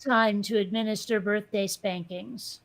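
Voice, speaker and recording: A woman's voice: mid-range voice, fairly even intonation, a little slow. A woman making dry, teasing quips in a casual video call chat.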